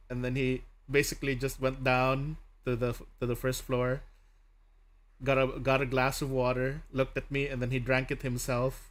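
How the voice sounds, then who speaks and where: A man's voice: medium pitch, normal speed. A young man chatting casually as a streamer host, telling stories with lots of laughter and acted-out quotes. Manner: laughs often, animated storytelling with voiced quotes. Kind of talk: casual chat while drawing.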